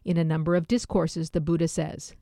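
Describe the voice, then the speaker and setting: A woman reads nonfiction aloud in a low, warm voice with a gravelly edge. Her delivery is measured and explanatory, and she slips in dry, wry asides. The sound is close and dry. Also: level tone, no echo. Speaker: audiobook narrator. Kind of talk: scripted nonfiction reading.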